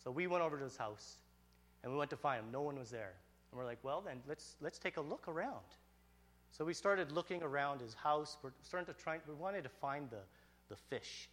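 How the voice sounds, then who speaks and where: A man telling a personal story with lively energy. His pitch swings widely and his voice stays bright and fairly high, with frequent restarts as he talks. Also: fairly quick. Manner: animated, excitable, frequent restarts.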